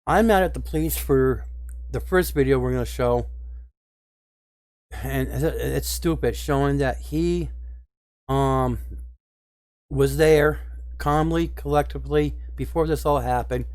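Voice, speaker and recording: A man's voice: mid-range voice, unhurried, long pauses, a little mellow, dry recording. A man giving casual spoken commentary to his viewers, earnest and upset, stressing his points hard. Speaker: video commentator.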